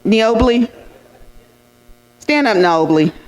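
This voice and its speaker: A woman's voice: on the high side, slow pace, rough recording. A woman telling lighthearted anecdotes to an audience at an awards dinner, laughing and slipping into quoted asides. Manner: warm-hearted storytelling with laughs and lively quoted asides.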